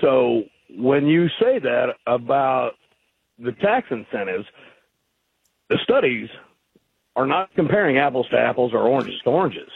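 Male radio caller, gravelly and raspy, argumentative, heard over a tinny phone line. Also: mid-range voice, very animated, a little slow, long pauses, no room sound. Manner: argumentative, hesitant with fillers. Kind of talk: phone-in conversation.

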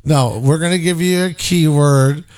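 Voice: medium pitch, a little slow, a little mellow. A radio morning show co-host in casual on-air banter, giggly and teasing.

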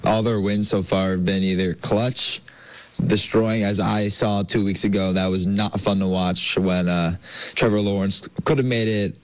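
A male panelist with a low voice, speaking in a halting, hesitant way. He lays out his sports picks in a relaxed chat. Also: rough recording.

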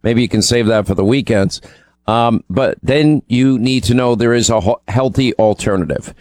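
A man's voice: mid-range voice, moderate pace, darkish tone, no echo. A man from New York co-hosting a talk radio show, rambling casually through ad reads and news with many ums and restarts. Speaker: radio co-host. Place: radio studio.

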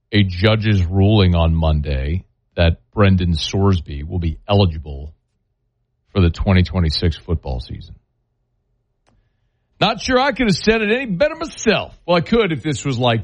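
Low-voiced, opinionated sports talk host, a man. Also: darkish tone, dry recording, dull audio. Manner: opinionated, conversational, worked-up rants. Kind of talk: sports talk radio commentary.

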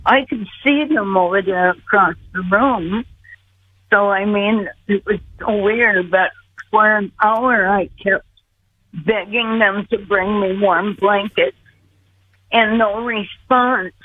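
An older woman telling a personal story slowly and earnestly, calling in to a show. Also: mid-range voice, slight background noise. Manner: earnest, acts out her own pleas. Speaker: guest recounting near-death experience. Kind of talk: slow storytelling. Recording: tinny phone line.

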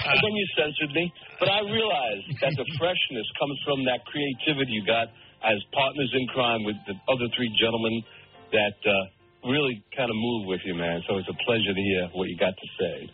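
A man calling in to a sports radio show, talking with animated, heartfelt praise. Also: medium pitch, brisk, faint music behind. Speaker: caller. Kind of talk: call-in radio chat. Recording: dull lo-fi radio line.

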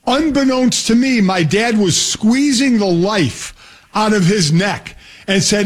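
A man's voice: high voice, animated, a little slow. A middle-aged man on a sports radio show, telling family stories in a rambling, self-correcting way and laughing between lines. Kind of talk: casual storytelling chat.

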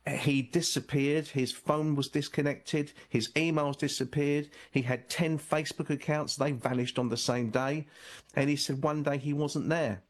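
A man's voice: a little high, fairly even intonation, measured pace. A man, an author guest on a radio talk show, telling stories in a rambling way with frequent restarts. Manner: rambling, repeats and restarts often. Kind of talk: radio interview storytelling.

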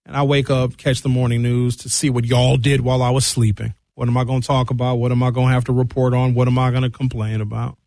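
A man hosting a talk radio show from a studio, ranting in an opinionated monologue and mocking people with high comic voices. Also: flat delivery, fast talker, gravelly, hardly any pauses, a little mellow, no echo.

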